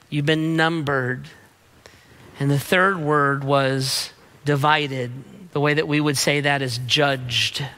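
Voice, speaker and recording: Middle-aged guy preaching, punchy repeated lines, bright fairly high voice. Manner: emphatic, rapid-fire preaching with repeated refrains. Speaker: pastor. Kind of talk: sermon.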